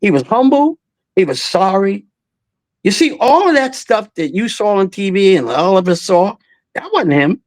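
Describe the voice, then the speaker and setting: With a high-pitched voice at normal speed and no room sound, an eighty-something veteran singer tells stories as an interview guest. He brings them to life by acting out voices, laughing frequently.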